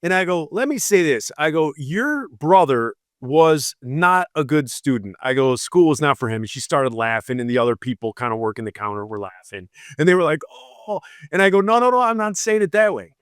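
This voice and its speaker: A man's voice: mid-range voice, sing-song, moderate pace, hardly any pauses, dry recording, studio quality. A man, a police officer, casually telling a rambling story on a podcast and acting out the people in it. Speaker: podcast co-host.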